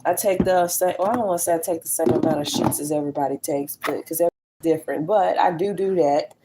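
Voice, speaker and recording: A candid woman in her late thirties chats casually to her viewers while she tidies the kitchen of her small apartment. Her voice sits fairly low for a woman. The home recording carries a clear layer of background noise. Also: quick pace. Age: 30s. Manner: chatty, candid, talks to viewers as y'all. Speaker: vlogger. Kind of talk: casual chat while doing chores.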